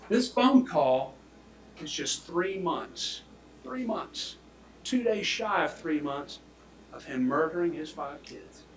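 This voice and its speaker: A man delivers a prosecutor's closing argument, speaking emphatically and swinging between loud declarations and hushed near-whispers. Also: a little high, slow pace, a little hiss or hum. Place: courtroom. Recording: echoey courtroom audio from far off.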